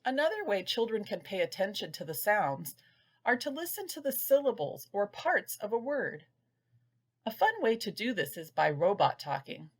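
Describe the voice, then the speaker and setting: A woman giving a scripted lesson to parents, patiently sounding out words slowly. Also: medium pitch, sing-song. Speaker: early reading instructor. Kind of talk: scripted instructional narration.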